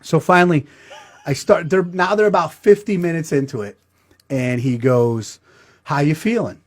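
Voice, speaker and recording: A man's voice: on the high side, moderate pace. Crude, self-mocking man telling a story. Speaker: host. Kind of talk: comedic storytelling.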